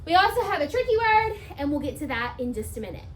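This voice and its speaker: A woman teacher giving a spelling lesson, talking slowly and emphatically and sounding words out part by part. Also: high voice, big pitch swings. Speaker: elementary school teacher.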